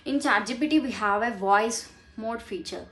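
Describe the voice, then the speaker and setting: Young woman, earnest, halting, fairly high voice, echoey room. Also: fairly bright tone. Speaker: vlogger. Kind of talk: casual vlog talk. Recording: roomy echo.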